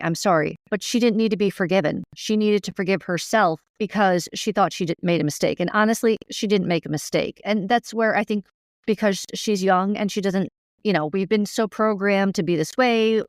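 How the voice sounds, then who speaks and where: Middle-aged female co-host, smooth and clear, dry close sound; earnest, emphatic, quick to laugh. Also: mid-range voice, dry recording. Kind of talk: casual spiritual podcast talk.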